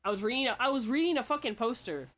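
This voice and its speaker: A woman's voice: fairly high pitch, lively intonation, quick pace, fairly bright tone. Chatty young woman, casual swearing. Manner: chatty, swears a lot, laughs often. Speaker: podcast host. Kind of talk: casual chat.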